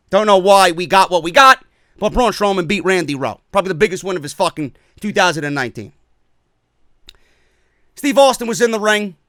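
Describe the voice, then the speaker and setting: A man's voice: sits high, pushed and bright, clear, resonant tone, no echo, studio quality. A man ranting his way through a wrestling show review, profane and sarcastic.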